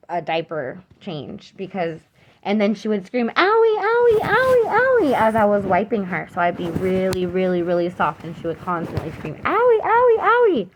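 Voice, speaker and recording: Young woman talking to camera, kinda low voice, lots of ums and likes, earnest and troubled. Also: a little hiss or hum. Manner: halting, with many fillers and restarts. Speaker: mother telling her own account. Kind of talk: unscripted personal account to camera.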